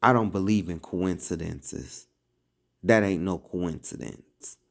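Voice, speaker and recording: A man's voice: low voice, slow pace, vocal fry. A man giving preachy, casual commentary as an online religious commentator, emphatic and full of rhetorical questions.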